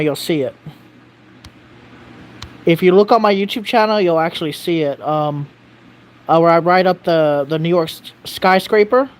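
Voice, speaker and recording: A live streamer in casual chat, rambling and correcting themselves, reading out viewer comments and swearing casually. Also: medium pitch.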